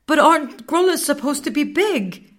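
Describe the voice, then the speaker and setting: A woman's voice: sits high, very animated, slow pace, voice pushed up, heavily acted. A woman voicing a frightened, curious young girl in a children's story, wide-eyed and pleading. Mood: anxious.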